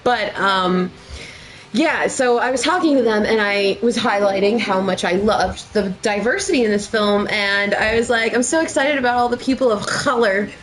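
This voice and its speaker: A young woman co-hosting a podcast, telling stories in an excitable, laughing way, with phlegm in her throat. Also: medium pitch. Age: young adult. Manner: excitable, laughing, quick storytelling. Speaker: podcast co-host. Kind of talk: casual chat.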